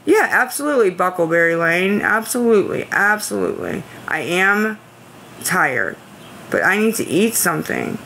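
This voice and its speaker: Woman streamer, defensive and anxious, pleads with chat, bright tense voice. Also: on the low side, sing-song, moderate pace, gravelly, a little hiss or hum. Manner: anxious, pleading and defensive, rambling with repeated phrases. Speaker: livestreamer asking viewers for money. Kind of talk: casual live-stream chat, answering viewer comments.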